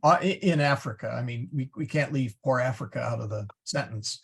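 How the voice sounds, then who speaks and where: A man teaching a Latin class over a video call, halting and explaining patiently with many restarts. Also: medium pitch, gravelly, breathy edge.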